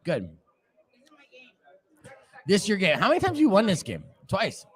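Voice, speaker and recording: A man hosting a live game at a bar event, teasing the players with a quick, playful announcer delivery. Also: high-pitched, wildly swooping pitch, husky. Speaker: radio host running a live game.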